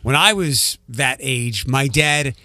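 A man hosting a morning radio show, chatting with co-hosts and reading station promos in a brisk, upbeat way. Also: medium pitch, lively intonation, pushed and bright. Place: radio studio. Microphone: studio microphone.

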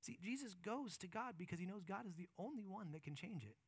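A male pastor preaching a sermon with impassioned emphasis, moving between loud urgent passages and quieter reflective ones. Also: high voice, expressive, brisk, slightly rough, dry recording.

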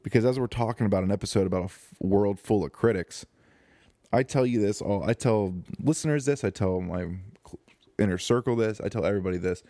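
A young man talks alone into a close microphone, hosting his podcast in a loose, joking ramble full of fillers and restarts. His voice sits low, with a dark, mellow tone. The sound is dry, with no room around it. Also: fairly quick, no room sound. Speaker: podcast host. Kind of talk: casual solo podcast monologue. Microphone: close studio microphone.

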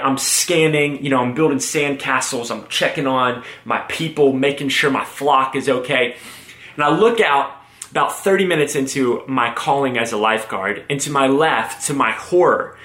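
Energetic young preacher in an echoey room. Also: male voice, mid-range voice. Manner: energetic, joking, animated storytelling. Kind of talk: sermon with storytelling. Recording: roomy echo.

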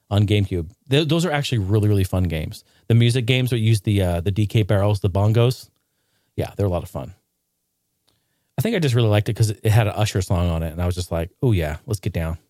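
A young man hosting a casual gaming news podcast, rambling and joking, sometimes breaking into loud shouted bits. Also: mid-range voice, no room sound, studio quality. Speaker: podcast host.

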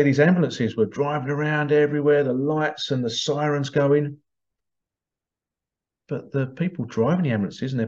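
Here a man with a somewhat mellow, mid-range voice, a hypnotherapist, gives his opinions in a casual, rambling monologue, hammering home the same points again and again. The setting is a small stuffy room, captured in slightly dull lo-fi audio.

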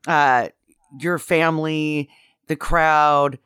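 Co-host on a movie podcast, amused and incredulous, dry close sound, mid pitch. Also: fairly even intonation, drawn-out words, a bit bright, smooth, no room sound. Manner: laughing, incredulous retelling of scenes. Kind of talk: casual movie review chat.

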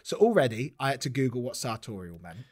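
A man co-hosting a casual podcast, playful and quick to laugh, reading passages aloud in a mock-serious tone. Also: medium pitch, sing-song. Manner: playful, reads quotes with mock gravity and laughs often. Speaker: podcast co-host.

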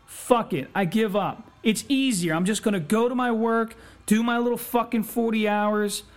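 A man, giving a blunt, profane motivational monologue on his podcast in a fired-up manner. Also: sits high. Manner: fired-up, blunt, heavy swearing. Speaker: podcast host. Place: home recording setup. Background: faint music.

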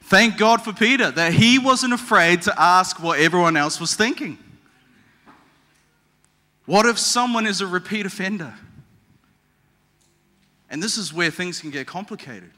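A man's voice: sits high, measured pace, pauses often, bright, forceful tone. A man preaching a sermon as pastor, conversational and humorous, asking the audience questions in a church hall. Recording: long echoey hall reverb.

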